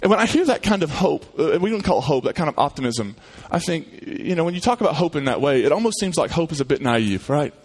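Male pastor with a slightly higher voice, delivering a relaxed, conversational sermon with restarts. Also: quick pace, few pauses. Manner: conversational storyteller with repeated restarts. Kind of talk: sermon and prayer.

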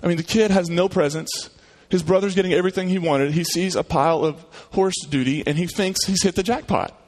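Male pastor with a slightly higher voice, delivering a relaxed, conversational sermon with restarts. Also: brisk. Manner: conversational storyteller with repeated restarts. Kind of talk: sermon and prayer.

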